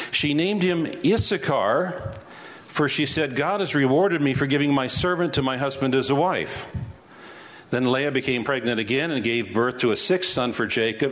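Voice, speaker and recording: A man's voice: mid-range voice, fairly bright tone. A male pastor teaching through Bible passages verse by verse, conversational and asking rhetorical questions.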